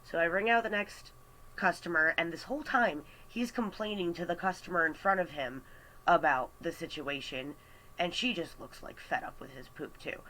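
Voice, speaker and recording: A man telling a story on a casual vlog, animated and chatty with lots of fillers, into a computer mic. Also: on the high side, moderate pace, a little hiss or hum, rough recording. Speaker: artist vlogger. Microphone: webcam or computer mic.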